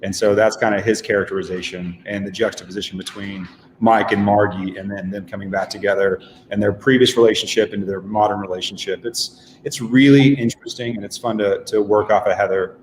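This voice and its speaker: A man with a fairly low voice talks through his work as a stage actor in an easy, unhurried chat. He pauses on ums and restarts his sentences. The sound carries a roomy echo with a long reverb tail. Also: slight background noise. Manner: relaxed, reflective, many ums and restarts. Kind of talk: casual chat. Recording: echoey room with long reverb.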